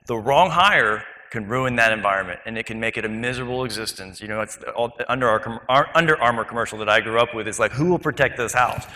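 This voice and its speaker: Man, business owner on a panel; brisk and bright; long hall reverb. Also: lowish voice. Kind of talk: casual panel talk.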